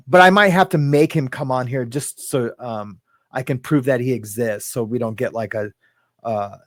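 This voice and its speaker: The recording is dry and studio quality, capturing a man with a medium-pitched voice hosting a laid-back live stream. Rambling and often laughing, he greets people in the chat by name.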